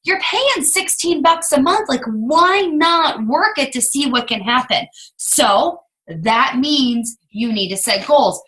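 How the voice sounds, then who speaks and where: A fairly high-pitched woman leads a team call over video, her voice swooping up and down as she talks. She rambles in a chatty, casual way and often drifts off topic. Her tone is bright and forceful. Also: expressive, slow pace. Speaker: team coach leading a business call.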